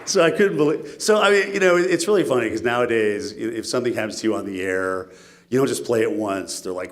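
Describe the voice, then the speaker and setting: A man giving a keynote speech, telling stories in an animated, self-mocking way. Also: mid-range voice, fast. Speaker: keynote speaker.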